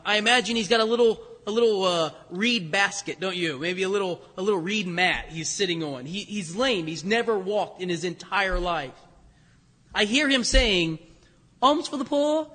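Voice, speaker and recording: A male pastor preaching a sermon with animated storytelling and conversational asides. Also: sits high. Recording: echoey hall with long reverb.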